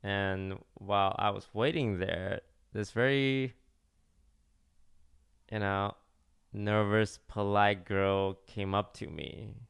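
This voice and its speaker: A young man tells a casual story, rambling and restarting his sentences and leaning on "like." His voice sits a little low, with a gravelly fry under a smooth, resonant tone. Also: fairly even intonation, takes it slowly, a bit bright. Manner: rambling, many restarts and "like" fillers. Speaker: streamer telling a story.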